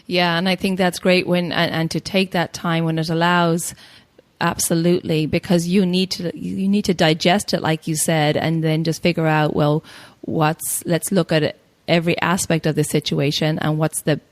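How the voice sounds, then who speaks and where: Encouraging woman podcast host, low-pitched. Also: little pitch movement, moderate pace. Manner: supportive, encouraging, lots of small agreeing sounds. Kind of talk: casual podcast conversation.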